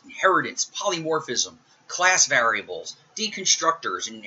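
Bright-toned casual male programming teacher. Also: mid-range voice, slightly rough. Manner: casual, joking, talks while typing. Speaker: programming instructor. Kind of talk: recorded screencast lecture. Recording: dull lo-fi audio.

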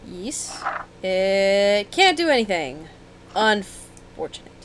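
A young woman giving casual, excitable commentary while playing a video game, with sudden yelps and running chatter. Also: mid-range voice, slow pace, a little hiss or hum, rough recording. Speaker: let's play gamer.

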